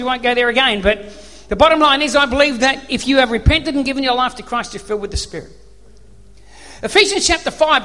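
Male pastor, high pitched, lively storyteller preaching in a reverberant hall. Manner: animated storyteller, acts out voices and screams. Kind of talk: sermon with storytelling.

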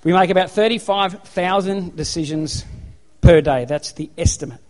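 A man's voice: sits high, moderate pace, darkish tone. A man preaching a sermon into a handheld microphone to an audience, in an emphatic, repetitive exhorting manner. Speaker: pastor.

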